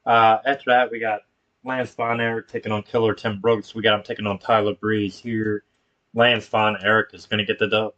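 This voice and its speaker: A man's voice: fairly low pitch, level tone, normal speed, fairly bright tone, lo-fi sound. A man streaming a wrestling video game, calling the action play-by-play with casual slang. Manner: casual, hypes viewers with slang.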